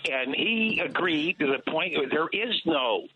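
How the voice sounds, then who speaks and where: A man's voice: a little high, expressive, measured pace, bright, forceful tone. A man calling in to a radio show, talking emphatically and asking rhetorical questions. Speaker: caller. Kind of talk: call-in radio talk. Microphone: telephone. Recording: tinny phone line with faint hiss.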